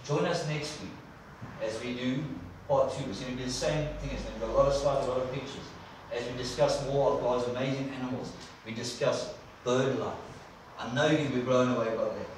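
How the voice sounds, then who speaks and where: Excited preacher in an echoey church. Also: male voice, mid-range voice, a little fast, slight background noise. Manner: enthusiastic, repeats words for emphasis. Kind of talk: sermon. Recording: echoey church hall from far off.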